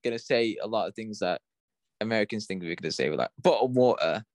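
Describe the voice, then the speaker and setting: A man with an English accent, chatting casually on a review podcast in a fairly low voice. The recording is dry and close, and he rambles as he thinks out loud. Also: fast talker, no room sound. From England. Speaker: podcast co-host.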